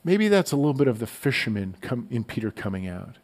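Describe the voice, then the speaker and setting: A man giving a relaxed, conversational sermon as a pastor, often repeating words as he goes. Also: on the low side, fast talker. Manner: conversational, relaxed storytelling with frequent stammered word repeats.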